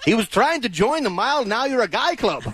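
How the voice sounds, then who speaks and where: A man's voice: very high voice, very animated, a little fast, crowd noise. A man co-hosting a radio comedy show, reading joke setups and laughing through his punchlines. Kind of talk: joking banter.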